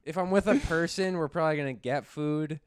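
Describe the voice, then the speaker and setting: A man from Canada co-hosting a comedy podcast, talking in a laid-back, hesitant, deadpan way. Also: on the high side, brisk, clear, resonant tone, no room sound, clean studio sound. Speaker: podcast co-host. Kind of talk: casual comedy chat.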